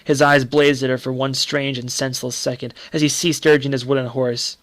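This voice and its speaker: A man reading a short story aloud in a measured, dramatic storytelling manner. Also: mid-range voice, little pitch movement, fairly bright tone, no echo. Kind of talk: scripted narration of a short story.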